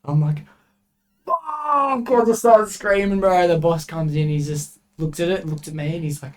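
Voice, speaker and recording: A young man, a podcast guest telling work stories in a casual, animated way full of swearing. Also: on the high side, brisk, slight background noise. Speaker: podcast guest, refrigeration tradesman.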